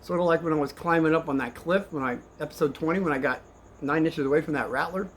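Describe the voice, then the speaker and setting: This is an older man with a fairly high-pitched voice, telling a story to children in a loose, rambling way. He drops to a hush and then rises to excitement. A faint hiss sits behind him. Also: quick pace. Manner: rambling, animated, swings between hushed and excited. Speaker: vlogger telling kids a story. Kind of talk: casual storytelling to kids.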